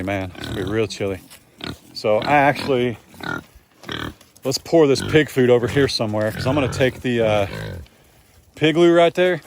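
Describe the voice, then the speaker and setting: A man's voice: medium pitch, slight background noise. A man vlogging casually outdoors on his farm, chatting folksily and talking to his animals. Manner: folksy, talks to the animals in a singsong voice. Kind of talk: casual farm vlog narration.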